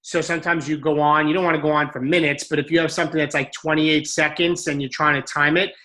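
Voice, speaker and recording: A man's voice: on the high side, level tone, fast talker, pushed and bright. A man hosting a casual team call as a fitness coach, speaking candidly in long run-on stretches.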